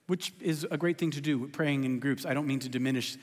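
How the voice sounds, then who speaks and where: A male pastor preaching a sermon in a church, animated and joking, poking fun at himself. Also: mid-range voice, brisk, hardly any pauses. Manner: animated, joking, self-deprecating. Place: church sanctuary. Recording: long hall reverb.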